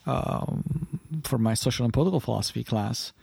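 A man who teaches philosophy chats casually on a podcast over a video call, rambling and thinking aloud in a deep morning voice. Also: a little fast, vocal fry, a little mellow, breathy edge, no echo, clean studio sound.

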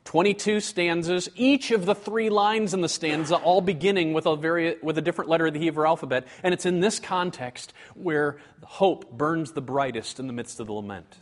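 A man giving a teaching sermon in an earnest way, slowing and dropping low to stress a point.

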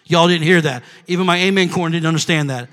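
A man preaching a sermon as pastor, calling out to his congregation and rising to shouts. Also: fairly high pitch, fast.

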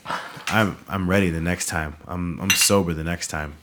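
A man's voice: sits low, fairly even intonation, moderate pace, background noise. A man in his thirties hosting a podcast, rambling through swear-laced stories in casual chat over drinks. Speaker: podcast host.

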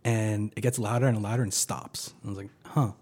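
A man's voice: lowish voice, steady tone, fairly quick, darkish tone, breathy edge. A man in his thirties, a podcast guest, telling a story in a laid-back, dryly humorous way. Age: 30s. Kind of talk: casual storytelling.

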